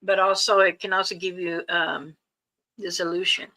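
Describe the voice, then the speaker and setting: A woman hosting a casual livestream, giving slow, loosely strung warnings and advice to her viewers. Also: lowish voice, little pitch movement, bright, forceful tone, low-quality recording. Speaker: livestream host.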